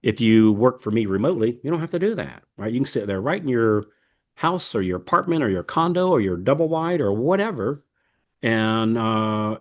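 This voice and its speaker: A man hosting a podcast in casual, folksy chat, rambling with many fillers and restarts. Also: fairly low pitch. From United States. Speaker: podcast host.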